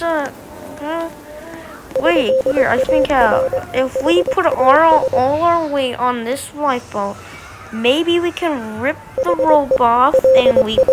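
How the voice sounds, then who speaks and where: High-voiced woman narrating gameplay over loud noise. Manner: chatty, exclaims and repeats itself under stress. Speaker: gaming video narrator. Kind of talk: excited gameplay commentary.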